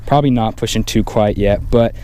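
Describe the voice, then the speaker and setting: A man, talking casually while fishing a windy pond bank, getting excited and repeating himself when a fish bites. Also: lowish voice, brisk. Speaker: fishing vlogger. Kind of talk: casual outdoor vlog commentary. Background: faint wind and outdoor ambience.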